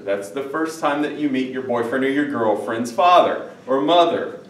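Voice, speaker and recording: A man's voice: mid-range voice, animated, normal speed, slight background noise. A male Spanish teacher giving a recorded lesson in a chatty way, repeating phrases and checking in with his listeners. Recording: echoey room, mic at a distance.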